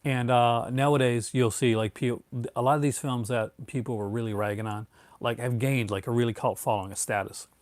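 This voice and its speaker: A laid-back man in his thirties chats on a live stream, rambling along with fillers, restarts and the odd "man". His voice sits at a middle pitch and sounds dry and close, with no room around it. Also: fairly even intonation, a little fast, no echo. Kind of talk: casual live-stream chat, answering viewers.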